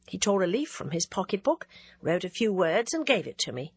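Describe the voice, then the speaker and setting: A woman narrating a classic novel as an audiobook reader, in a measured, even way. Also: mid-range voice, breathy edge, no echo.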